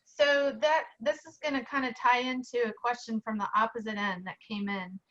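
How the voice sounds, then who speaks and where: Female co-host, interview, probing questioner, somewhat high voice, dull lo-fi remote audio. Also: fairly even intonation, moderate pace, fairly bright tone. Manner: inquisitive, probing follow-up questions. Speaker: podcast co-host.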